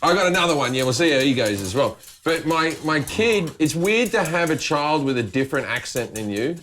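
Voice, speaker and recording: A middle-aged Australian man, a comedian, chatting casually in a kitchen and telling bawdy stories full of quick impressions. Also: on the high side, sing-song, a bit bright, a little hiss or hum. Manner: bawdy storyteller, slips into impressions. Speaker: comedian guest. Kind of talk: casual chat while cooking.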